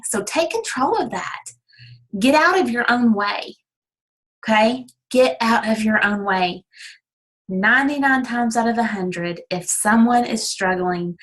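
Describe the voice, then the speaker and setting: A woman's voice: mid-range voice, fairly bright tone, poor audio. Woman, motivational talk, folksy, encouraging, candid, self-deprecating, mid-range voice. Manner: folksy and encouraging, with frequent "okay?" check-ins. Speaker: team leader.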